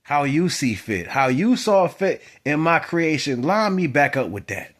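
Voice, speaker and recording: A man giving a spiritual monologue to his viewers, moving from quiet musing to loud, emphatic exhortation. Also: fairly high pitch, sing-song, measured pace. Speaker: spiritual vlogger. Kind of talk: preaching monologue to camera.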